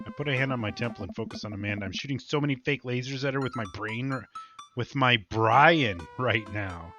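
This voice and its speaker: A young man reading a visual novel aloud as a let's-play host, animated and jumping higher in pitch for the dialogue. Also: fairly quick, faint music behind.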